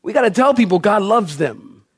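A man's voice: sits high, animated, moderate pace, slightly rough, no echo, studio quality. A male pastor preaching a sermon to a congregation, telling a story with humor and big swings in his voice.

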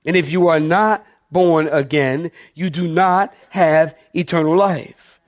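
A man's voice: a little high, fairly even intonation, slow pace. A male pastor preaching a sermon, emphatic, calling on his congregation to answer back.

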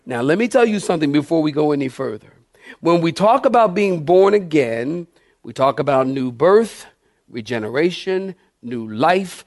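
Emphatic preacher man, higher-pitched voice. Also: lively intonation, normal speed, no echo, studio quality. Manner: emphatic preacher, repeating key phrases and asking the congregation questions. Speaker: pastor. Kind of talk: sermon.

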